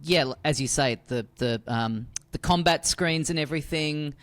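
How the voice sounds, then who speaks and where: A man's voice: on the high side, moderate pace, fairly bright tone, clear, resonant tone. Rambling, laughing podcast guy. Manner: rambling, laughs often, swears casually. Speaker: podcast co-host. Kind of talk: casual chat.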